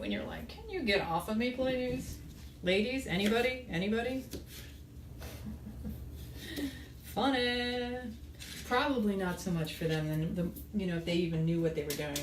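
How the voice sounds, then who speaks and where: A middle-aged woman hosting a cooking show, chatting loosely to viewers while she cooks, telling rambling stories and asking for their tips. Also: lowish voice. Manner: rambling, storytelling, asks viewers for comments. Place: kitchen. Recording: echoey room, mic far off, background noise.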